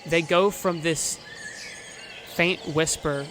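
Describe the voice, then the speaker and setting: A game master narrating a tabletop game in a descriptive, unhurried way with fillers. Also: medium pitch, steady tone, very noisy.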